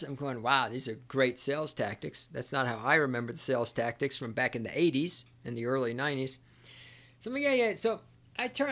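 A man's voice: on the high side, a bit bright. A middle-aged man hosting a solo podcast, telling stories in a sarcastic, profane rant. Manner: ranting, profane, sarcastic storytelling. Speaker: podcast host.

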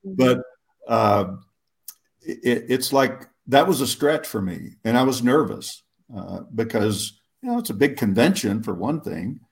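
Telling stories in answer to interview questions, this guest speaker rambles and cuts himself off, frequently chuckling at himself. His mid-range voice is gravelly and animated, yet unhurried.

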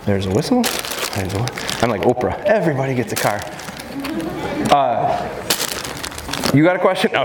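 A man, a dog trainer, giving a lively live seminar talk to an audience in a large expo hall, often joking. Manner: lively, jokey, acts out high baby-talk voices to dogs. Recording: echoey hall with faint noise.

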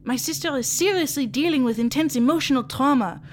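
A woman's voice: high-pitched, brisk, slight background noise, close to an everyday voice. A woman playing an indignant, protective sister who scolds others, in an amateur radio play. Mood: outraged.

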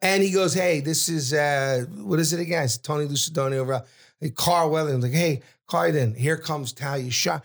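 A middle-aged man tells a story as a podcast guest, his voice pitched a little high. He gets loud and brash and swears freely. He acts out each character's lines in voices of their own. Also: fairly quick, vocal fry. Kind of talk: animated storytelling.

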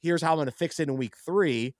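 A man's voice: on the high side, fast talker, dry recording, studio quality. A man co-hosting a casual sports talk show, earnest and thoughtful, often restarting his sentences. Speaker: podcast co-host. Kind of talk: casual sports chat with a faith angle.

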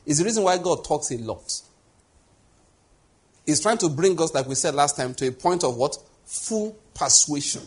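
Husky-voiced man preaching a sermon. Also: fairly high pitch, lively intonation, normal speed. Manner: conversational preaching, rhetorical questions. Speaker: pastor.

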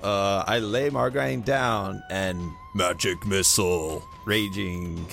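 A man playing a tabletop game, talking with hesitant pauses. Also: lowish voice, huge pitch swings, vocal fry, a bit bright, faint music behind. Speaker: player. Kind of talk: casual tabletop play.

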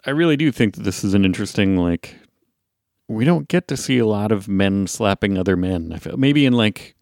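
Male co-host, low gravelly voice, hesitant musing tone. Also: expressive, a little fast, a little mellow, no echo, studio quality. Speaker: podcast co-host. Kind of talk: casual chat.

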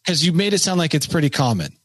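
Dude co-hosting a chat podcast, wry jokey tone, dry close mic. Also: male voice, fairly high pitch, very animated, quick pace, no room sound. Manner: wry, joking banter. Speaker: podcast co-host. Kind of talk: casual chat.

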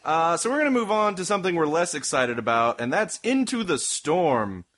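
A man's voice: fairly high pitch, big pitch swings, normal speed, fairly bright tone. A man co-hosting a casual movie review chat, sardonic and blunt, swearing freely. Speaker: podcast co-host.

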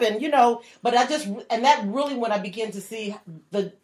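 A woman chatting casually in a group, quick to react and reflective when she tells a memory. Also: fairly high pitch, a little mellow.

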